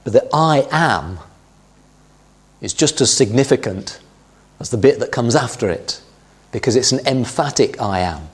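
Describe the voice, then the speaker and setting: A middle-aged man preaching a sermon, teaching through scripture in a measured way and quoting verses with emphasis. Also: mid-range voice, lively intonation, breathy edge.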